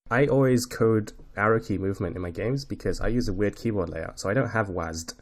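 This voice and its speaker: A man's voice: fairly low pitch, brisk, slight background noise. A man talking casually as a guest on a podcast, hesitant and stop-start as he explains himself. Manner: hesitant, many fillers and restarts. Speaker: game developer, podcast guest.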